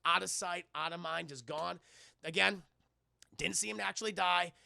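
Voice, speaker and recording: A man streaming a casual film recap, animated and profane, often addressing his chat. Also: high-pitched, moderate pace, vocal fry, no echo.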